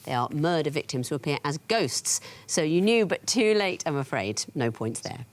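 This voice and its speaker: A woman hosting a TV quiz in a studio, explaining answers in a crisp, wry way. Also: deep voice, very animated, normal speed. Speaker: quiz show host.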